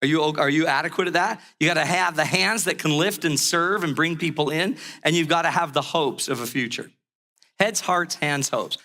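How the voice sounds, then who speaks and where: High, bright-voiced animated male speaker. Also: normal speed. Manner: animated storyteller, acts out family dialogue, laughs at himself. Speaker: relationship educator giving a talk. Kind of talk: energetic stage talk with a funny story.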